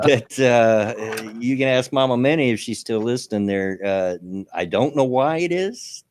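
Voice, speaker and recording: A man's voice: mid-range voice, measured pace, a little mellow. An older man co-hosting a casual online radio chat, folksy and rambling with many fillers. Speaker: co-host.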